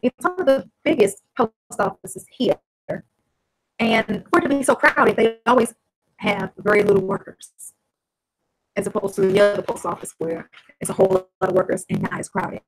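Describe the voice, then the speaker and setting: High-pitched lady rambling on her vlog, blunt and chatty, soft guitar behind. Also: normal speed, vocal fry, husky, rough recording. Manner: chatty, animated, blunt, swears freely. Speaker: vlogger. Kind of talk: casual storytelling vlog.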